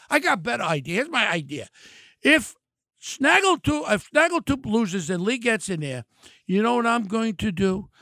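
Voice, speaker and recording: An older man, ranting angrily and mockingly about politics on his podcast, shouting in bursts. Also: very high-pitched, no echo, clean studio sound. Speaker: podcast host. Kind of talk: angry political rant.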